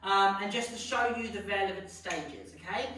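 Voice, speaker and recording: A woman, a dog trainer explaining each step of a training method clearly, one step after another. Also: mid-range voice, normal speed, fairly bright tone. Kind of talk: instructional demonstration. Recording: echoey room, distant mic, faint noise.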